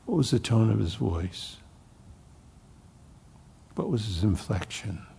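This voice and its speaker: Gravelly-voiced male preacher in a hall. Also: lowish voice, animated, slow. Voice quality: gravelly, husky voice. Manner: preaches with strong swings from loud emphasis to hushed near-whispers. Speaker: pastor. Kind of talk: sermon.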